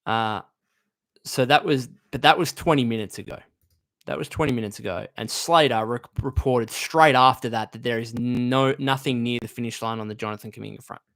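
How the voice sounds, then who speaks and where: A man's voice: medium pitch, fairly quick, a bit bright. Chatty man hosting a live stream. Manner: chatty, emotional, thinks aloud with restarts. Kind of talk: casual live-stream basketball talk, reading chat comments.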